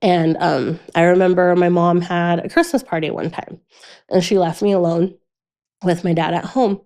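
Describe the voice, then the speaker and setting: Fairly low in pitch and steady in tone, a young adult woman tells a painful personal story on a podcast where she's a guest. She speaks candidly but keeps pausing and restarting, growing quiet when it's hardest.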